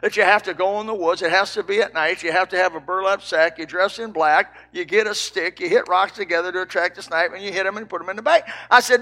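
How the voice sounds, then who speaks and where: An older man, a preacher from Indiana, telling a folksy story with lively quoted dialogue. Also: sits high, fast, hardly any pauses. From Indiana, United States. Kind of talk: storytelling sermon.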